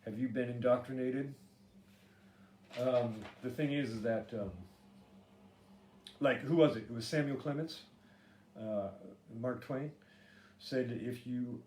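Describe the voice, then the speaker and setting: A middle-aged man talks alone into a home podcast mic, in a voice of ordinary middle pitch. He rambles through fillers and restarts, sarcastic and freely profane. The room rings with echo, and a faint hum of ambience sits underneath. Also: slow pace, pauses often, darkish tone. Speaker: podcast host. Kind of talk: solo podcast monologue.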